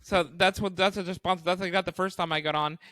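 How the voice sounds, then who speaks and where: A young man, a stand-up comedian and podcast co-host, telling animated stories with lots of swearing and acted-out quotes. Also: sits high, fast talker, dry recording. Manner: animated, acts out quotes, swears often, laughs while telling. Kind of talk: casual storytelling chat.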